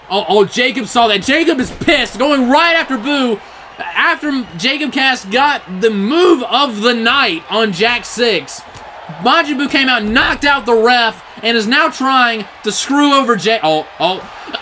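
A man giving excited play-by-play wrestling commentary, often shouting in disbelief, his voice getting strained. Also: extremely high pitch, measured pace, a little hiss or hum, low-quality recording.

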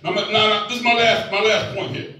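Middle-aged preacher guy, kinda high voice, big echoey room, mic far off. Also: fairly even intonation, a little fast, pushed and bright. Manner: call-and-response with the congregation, playful asides. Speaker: pastor. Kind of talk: preaching a sermon.

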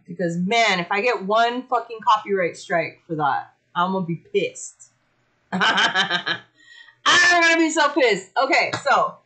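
A woman hosting a casual livestream, chatty and excitable, swearing freely as she talks. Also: mid-range voice. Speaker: livestream host.

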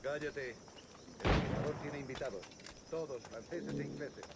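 An actor playing a brusque city guard in a game. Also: male voice, mid-range voice, brisk, creaky, natural voice. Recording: loud noisy background.

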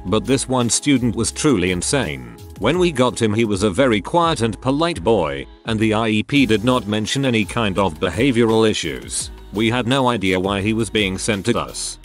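A man reading online stories aloud in an even, matter-of-fact narration. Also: on the low side. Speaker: story narrator.

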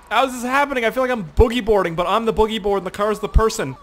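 A young man giving casual, excitable commentary while playing a video game, swearing and exclaiming often. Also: high voice, very fast, a little hiss or hum. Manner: excitable and profane, frequent exclamations and laughs. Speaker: gameplay commentator.

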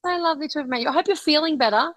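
A woman's voice: high voice, a bit bright, dry recording. A woman comedian who is a guest on a podcast, joking in a playful, casual way. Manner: playful and quick with jokes. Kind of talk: casual interview chat.

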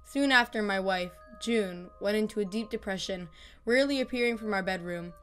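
A woman calmly reading horror stories in scripted narration, growing softer and quieter on the grim lines. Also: medium pitch. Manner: calm, measured, dropping softer on grim lines. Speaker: storyteller. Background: faint music.

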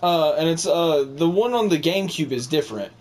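A man's voice: on the high side, expressive, a little fast. A young man recording a co-op game session, rambling casually and laughing a lot. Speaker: gamer recording the video. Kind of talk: casual co-op gaming chat.

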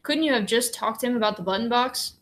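A woman voicing a gentle father who speaks softly and haltingly in a storybook reading. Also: on the high side. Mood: tender. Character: gentle, quietly emotional father.

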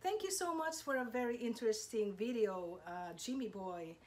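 A woman's voice: fairly high pitch, lively intonation. A woman hosting her channel's reveal compilation, gushing and thanking each contributor. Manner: gushing, slow, lots of thanks. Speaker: channel host. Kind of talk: casual video presentation.

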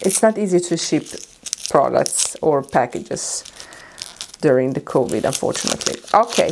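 Beauty vlogger lady, pretty low voice, gets super excited and squealy, paper crinkling, bit of faint noise. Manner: excitable and emotional, squealing with delight. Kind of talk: casual unboxing vlog.

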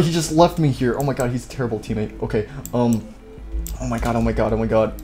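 A man hosting a gaming video, playing out a goofy war scene with hushed sneaking and sudden panicked yelps. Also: medium pitch, fairly even intonation, quick pace. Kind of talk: playful role-play commentary over a game.

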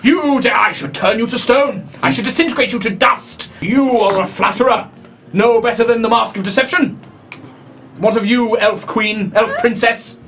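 Tabletop villain: a man playing an ancient male god, pompous and scornful, bright tense tone. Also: sing-song, moderate pace, faint music behind, full character voice. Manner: booming proclamations, theatrical scorn. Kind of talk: live tabletop game role-play.

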